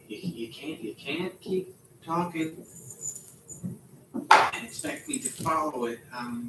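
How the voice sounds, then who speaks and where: An actor playing a husband who presses his wife for the truth, halting and insistent. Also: medium pitch. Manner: halting, pressing for a straight answer. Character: hurt husband demanding the truth. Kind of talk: film drama acting. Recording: echoey, far off, noisy room playback.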